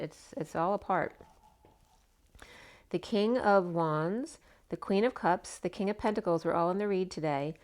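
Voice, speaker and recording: Casting note: woman tarot reader, slightly hoarse, lowish voice, rambling and chatty. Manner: chatty, meandering, full of asides. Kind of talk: casual spoken tarot reading.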